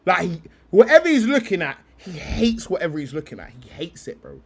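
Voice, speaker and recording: An excitable young male streamer talking casually in quick bursts, breaking into laughter often. His voice sits high and swings widely in pitch. He reacts loudly and swears without a second thought. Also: slightly rough. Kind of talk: casual live-stream chat.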